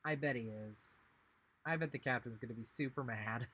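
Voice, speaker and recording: A man's voice: mid-range voice, moderate pace, noisy background. A man streaming a game, reading dialogue aloud with playful, joking asides. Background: game music.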